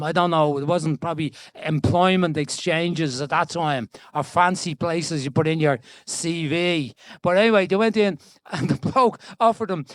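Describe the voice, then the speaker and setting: An older Irish man from Dublin, in his seventies, spins stories with lively, restless energy and a voice set higher than most men's. The sound is close and dry, with almost no room around it. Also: no room sound. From Ireland. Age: 70s. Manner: chatty, animated storyteller with frequent restarts and laughs. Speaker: guest being interviewed. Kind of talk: storytelling conversation. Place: event stage before an audience.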